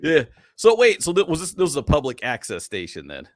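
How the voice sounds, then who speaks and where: A man co-hosting a podcast, chiming in with jokey asides and quick questions. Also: fairly high pitch, wildly swooping pitch. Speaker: podcast co-host. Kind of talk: casual podcast chat.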